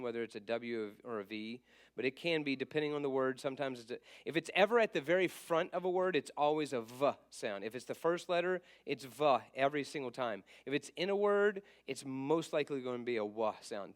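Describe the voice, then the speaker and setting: A man teaching a church class in a loose, casual way, thinking aloud with many fillers and self-corrections, and sounding out letters slowly and repeating them. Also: medium pitch.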